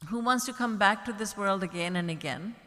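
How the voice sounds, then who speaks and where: A woman's voice: mid-range voice, brisk, pushed and bright. A woman spiritual teacher giving an earnest devotional discourse, full of rhetorical questions. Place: large retreat hall. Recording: long reverb from a large hall.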